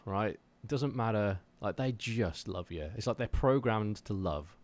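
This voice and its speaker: With a medium-pitched voice and some vocal fry, a drummer from Wolverhampton, England, chats on a livestream of his practice from his home drum room. He has a faint West Midlands accent and keeps the talk casual, jokey and self-deprecating.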